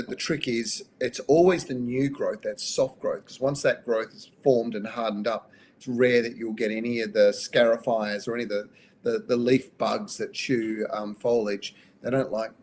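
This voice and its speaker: An Australian man answering gardening questions on a live stream, chatty and practical, losing his voice and clearing his throat now and then. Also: mid-range voice, a little mellow, slight background noise. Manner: chatty and practical, with frequent ums and restarts.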